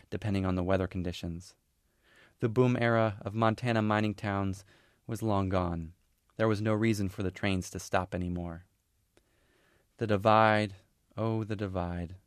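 Guy reading his novel out loud, lowish voice, slow careful pauses, dry close mic. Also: smooth, no room sound. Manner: measured, unhurried storytelling with pauses. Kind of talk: audiobook-style reading of literary fiction.

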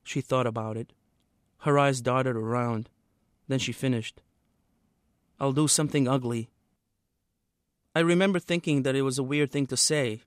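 A man, the author, reading a passage from his own novel aloud in a steady, measured way. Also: medium pitch, no echo, studio quality.

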